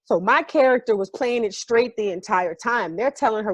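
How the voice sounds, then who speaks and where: This guest, a stage actor from New York, spins a story that's vivid, profane and emotionally unguarded, in a casual storytelling style. Her voice leans high, her pace is moderate, and the recording has no echo.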